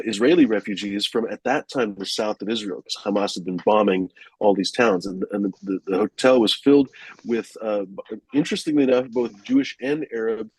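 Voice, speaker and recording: A man's voice: lowish voice, a little mellow, husky, dry recording, poor audio. A man telling a long story casually, rambling and profane, with many fillers and restarts.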